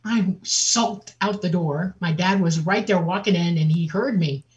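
A woman guest on an interview, telling a personal story in a lively way and acting out the voices of other people. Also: on the low side, a little slow. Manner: vivid, laughs often, acts out quotes. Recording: dull lo-fi audio.

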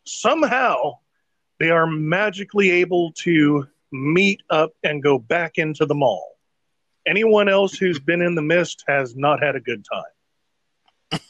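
Podcast host, male, slightly higher voice, dry close mic, loose rambling recap with swearing. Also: lively intonation, slow pace, a bit bright, dry recording, lo-fi sound. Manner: rambling, profane, laughs mid-sentence. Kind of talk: casual chat recapping a TV show.

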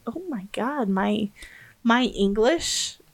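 A woman's voice: on the high side, slow pace. An American woman co-hosting a podcast in casual chat, laughing often and stumbling when she reads aloud. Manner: giggly, stumbles while reading aloud. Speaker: podcast co-host.

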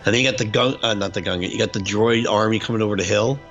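A man's voice: fairly low pitch, quick pace, a bit bright. A man in casual chat who talks animatedly and breaks into mock voices. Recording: dull lo-fi recording with faint music.

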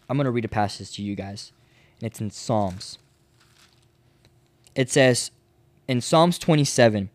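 A man's voice: lowish voice, measured pace, long pauses, no echo, studio quality. A man giving a podcast sermon, reading scripture and urging listeners with repeated, emphatic phrases. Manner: passionate, urging listeners to repeat verses aloud; repetitive, emphatic preaching cadence. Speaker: preacher.

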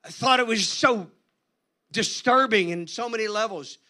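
A man preaching a sermon in an animated, conversational storytelling manner. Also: high voice, normal speed. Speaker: guest preacher.

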